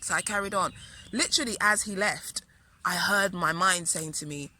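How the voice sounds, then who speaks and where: A woman speaking as a spiritual teacher in a personal storytelling monologue. Her voice sits somewhat high and sounds bright and forceful. She tells her story earnestly and drives her points home by repeating phrases. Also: very animated, brisk. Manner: earnest, repetitive and emphatic.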